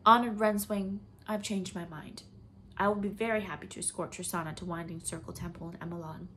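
A woman voicing a middle-aged male mage with a clipped, crisp and educated way of speaking, in a storybook reading. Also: fairly low pitch, steady tone, brisk, a bit bright, slight background noise, natural voice. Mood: brisk.

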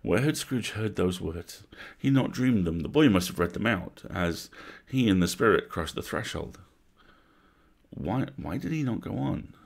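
A man reads a classic tale aloud as a bedtime story, measured and atmospheric. His voice is very low and gravelly, with a husky, breathy grain. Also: animated. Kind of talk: livestreamed bedtime story reading.

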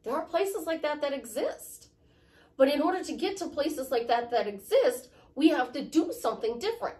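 A woman's voice: sits high, big pitch swings, normal speed, darkish tone. A woman life coach giving a chatty, motivational talk, repeating her points and joking about herself. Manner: chatty, repetitive, self-deprecating. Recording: voice from a distant mic.

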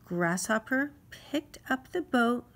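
A woman reading a children's storybook aloud in an expressive, sing-song way. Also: fairly high pitch, takes it slowly, a little hiss or hum. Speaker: storybook reader.

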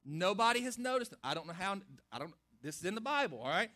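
A man's voice: high voice, big pitch swings, quick pace, pushed and bright. A middle-aged man preaching a sermon, retelling a Bible story in a folksy way and acting out the characters' lines. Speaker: pastor.

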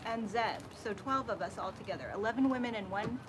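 A woman hosting a casual chat, telling a story in an animated way and acting out what people said. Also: a little high, a little fast. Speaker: host. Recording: background noise from a nearby worker.

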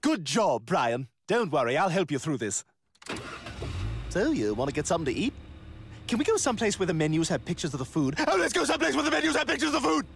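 A man's voice: high-pitched, big pitch swings, fast, vocal fry, fairly bright tone, a little hiss or hum, full character voice. An actor voicing a haughty, scheming baby boy with a plummy British accent in a cartoon. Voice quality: plummy, theatrical, sneering. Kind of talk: cartoon voice acting.

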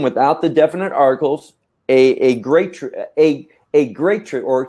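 A man teaching scripture in a measured, emphatic way, often repeating words as he thinks. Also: a little high, mellow. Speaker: Bible teacher. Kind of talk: teaching talk.

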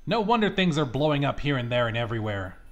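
A man's voice: mid-range voice, very animated, fast, faint music behind, natural voice. A man voicing an angry old woman in a video game who rants and accuses everyone. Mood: indignant. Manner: indignant ranting.

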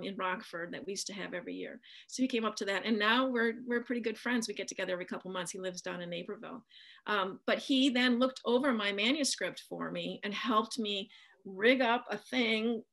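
A woman's voice: medium pitch, a bit bright. A middle-aged woman from the American Midwest, an author chatting in an interview and telling a long anecdote with lots of ums. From Midwestern United States. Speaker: author guest. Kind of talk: casual interview storytelling.

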